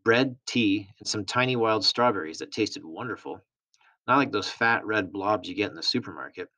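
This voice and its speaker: A man reading a novel aloud in a steady, plain storytelling manner. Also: lowish voice, moderate pace. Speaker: reader.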